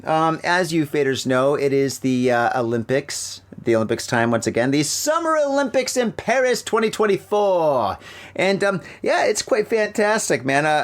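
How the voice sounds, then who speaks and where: A middle-aged American man hosting a casual news chat from home, rambling and joking as he reads stories haltingly. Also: fairly high pitch. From United States. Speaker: podcast host. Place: home room with a fan running. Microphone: laptop mic.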